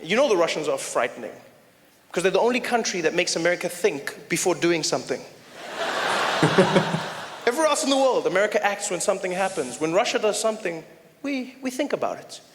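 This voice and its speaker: A man doing live stand-up comedy, talking playfully and making quick asides to the crowd. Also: high voice, big pitch swings. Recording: echoey hall with background noise.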